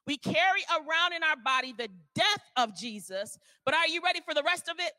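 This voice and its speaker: A woman elder preaching a fervent sermon, reading scripture slowly and calling on listeners to repeat after her, at times rising to a shout. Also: high voice, lively intonation, no room sound. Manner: reads scripture slowly and deliberately. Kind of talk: sermon with call-and-response.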